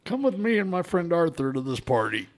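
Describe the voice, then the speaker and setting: A man's voice: fairly high pitch, sing-song, brisk. A man voicing an odd, friendly fellow who offhandedly invites strangers to a party, in an improvised tabletop role-play.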